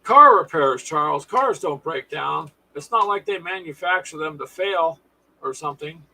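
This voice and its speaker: Man, casual stream host, gravelly, bright, folksy, sarcastic asides. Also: a little high, animated, normal speed, rough recording. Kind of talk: casual chat with viewers.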